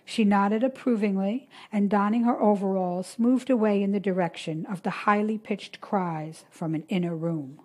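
A woman narrating a short story in a steady, measured reading voice. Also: mid-range voice.

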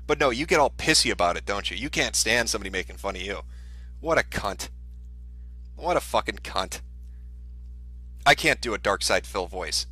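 A man delivers a sneering, profane commentary rant, his voice swinging up and down in pitch. His tone is bright and forward. The sound is dry and close, with no room around it. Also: expressive, moderate pace, pauses often, slightly rough, no room sound. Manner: mocking, profane, sarcastic. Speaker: commentary streamer. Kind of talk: ranting commentary.

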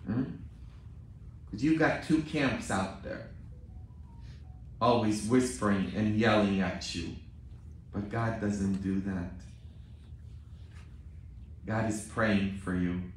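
Male priest, slow measured preaching, distant mic in a very echoey church. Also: on the low side, slight background noise. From Poland. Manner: storytelling, with frequent questioning "hmm?" asides to the congregation. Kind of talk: sermon. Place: large church.

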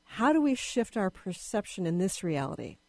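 A woman's voice: mid-range voice, sing-song, moderate pace, dark tone, no room sound. A woman hosting a radio talk show and interviewing a guest, speaking hesitantly with fillers.

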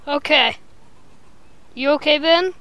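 A young woman with a high, light voice co-hosts a homemade podcast. She chats casually, giggles often and teases her co-host in a playful, joking way. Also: slow, pushed and bright, a little hiss or hum. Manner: giggly, playful, trades silly jabs. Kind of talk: casual chat.

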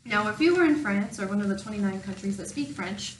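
A woman's voice: medium pitch, animated, fairly quick, far from the mic. Young woman, chatty step-by-step lesson, wry asides; roomy, off-mic sound with faint hum. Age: young adult. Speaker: language teacher. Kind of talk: casual spoken lesson.

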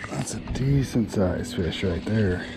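A man's voice: lowish voice, animated, slow, noisy background. A man hosting a fishing vlog outdoors on a lake boat, chatting to the fish and his viewers. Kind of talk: casual fishing vlog narration.

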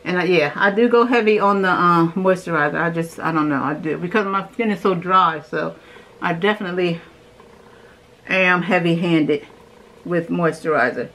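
A young woman with a slightly lower voice chats her way through a morning skincare routine. She is easygoing and enthusiastic, talking as she works through each step at home. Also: moderate pace, a bit bright, low-quality recording. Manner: chatty, enthusiastic, talks while doing the steps. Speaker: beauty vlogger. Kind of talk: casual skincare routine demo.

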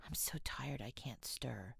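A woman reading the part of a genteel, tired young woman, often speaking softly and in a whisper. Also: very deep voice, sing-song, moderate pace, creaky, husky, dry recording, studio quality, full character voice. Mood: hushed. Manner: soft, frequently whispered delivery.

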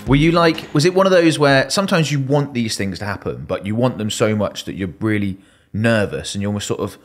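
A man hosting a podcast interview, asking questions and chiming in with quick agreement. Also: mid-range voice, animated. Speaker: podcast host. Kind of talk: casual interview.

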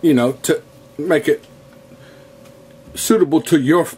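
Folksy man, home cooking vlog host, slightly hoarse, voice a bit high, faint kitchen clatter. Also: a little slow, a little mellow, a little hiss or hum. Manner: folksy, addresses viewers as folks. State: losing his voice.

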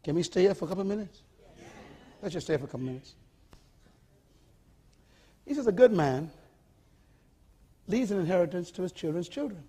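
A man delivers an emphatic sermon in a high, husky voice that leaps up and down in pitch. He repeats his key phrases and keeps calling on the congregation to answer back. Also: darkish tone. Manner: emphatic, repetitive, calls for audience response. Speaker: preacher.

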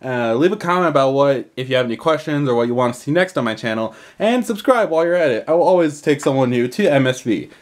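A man's voice: mid-range voice, animated, fast talker, few pauses. A man vlogging casually while out and driving, chatty and rambling with frequent restarts, recorded on a handheld phone. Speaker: gaming vlogger. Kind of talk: casual vlog commentary. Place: outdoors and in a car while driving.

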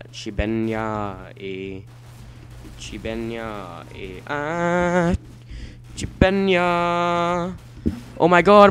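A man giving let's play commentary at his computer, excitable and quick to shout and swear at the game. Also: medium pitch, a little hiss or hum. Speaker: gameplay commentator.

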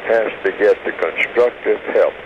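An older man calling in to a radio interview, laying out definitions slowly and deliberately. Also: fairly low pitch. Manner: slow, deliberate, defining terms carefully. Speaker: guest. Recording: hissy phone line on radio.

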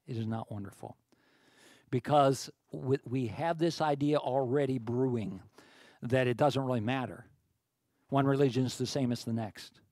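Conversational pastor with a dry sound. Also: male voice, mid-range voice, moderate pace, darkish tone, dry recording. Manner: conversational, full of restarts, rising to emphatic peaks. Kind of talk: sermon.

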